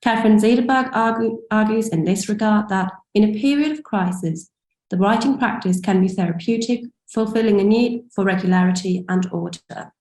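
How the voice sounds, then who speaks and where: A woman's voice: medium pitch, moderate pace. Woman reading a paper in a roomy space. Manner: steady, formal reading with self-corrections. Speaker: academic speaker.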